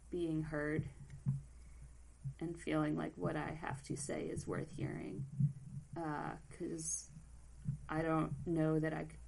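A woman's voice: deep voice, creaky, low-quality recording. A woman co-hosting a podcast, talking in a rambling, earnest, self-deprecating way while near tears. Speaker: podcast co-host. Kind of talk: casual chat.

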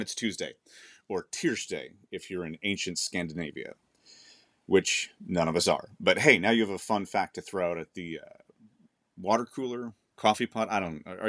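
Low-voiced man reading his newsletter aloud. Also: a bit bright, dry recording. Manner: chatty and self-deprecating, with frequent fillers. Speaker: podcast host and author. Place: small closet in front of a sheet.

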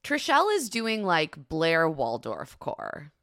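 A woman co-hosting a podcast, talking in a relaxed, conversational way and steering the discussion along. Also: low-pitched, takes it slowly, no room sound, studio quality. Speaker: podcast co-host. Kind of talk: casual chat about a TV show.

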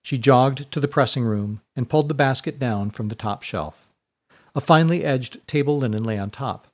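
A man reading a serialized story aloud in a measured, even storyteller's delivery. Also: mid-range voice. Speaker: narrator. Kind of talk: scripted storybook narration.

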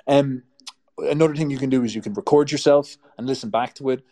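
An Irish man talks straight to his viewers in a blunt, emphatic rant, swearing freely. His voice rises and falls in a strongly musical, sing-song way, slowing down when he hits a point. It sits at an ordinary middle pitch. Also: dark tone. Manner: blunt, emphatic and profane, ranting. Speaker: YouTube host. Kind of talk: advice monologue to camera.

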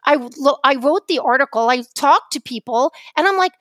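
A woman's voice: high voice, expressive, normal speed, fairly bright tone, no room sound. A woman with a New York accent, telling stories on a podcast in a rambling, impassioned way. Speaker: podcast co-host, journalist. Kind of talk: casual podcast chat.

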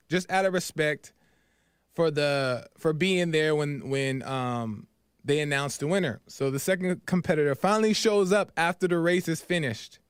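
An earnest man tells a parable on his podcast and then reflects on it. He repeats key phrases and keeps checking in with "right?". His voice sits a little high and sounds smooth and clear, with a dry, close sound. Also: dry recording. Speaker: podcast host. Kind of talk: storytelling reflection.

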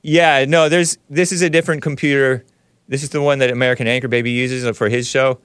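A man hosting a call-in show, chatty and quick to laugh, often cutting himself off mid-sentence. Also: medium pitch, steady tone, a bit bright, smooth, no echo, clean studio sound. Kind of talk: casual call-in talk.

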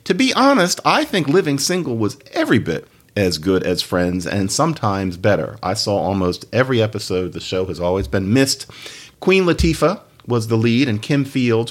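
A man hosting a podcast, giving a casual solo talk on language with chatty, laughing asides. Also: fairly low pitch. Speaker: podcast host, linguist.

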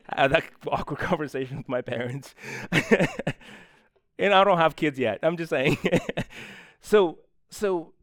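Young male pastor, conversational live sermon, slightly raised pitch, dry sound. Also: lively intonation, takes it slowly, pauses often, a bit bright, no room sound. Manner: conversational, acts out quoted exchanges with people. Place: church.

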